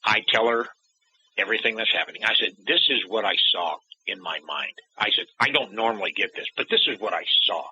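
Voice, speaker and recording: Man telling a story, sharp voice. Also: fairly low pitch, expressive, a little fast, a little hiss or hum. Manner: acts out remembered dialogue in changing voices. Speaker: guest. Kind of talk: personal storytelling in an interview. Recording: dull lo-fi audio.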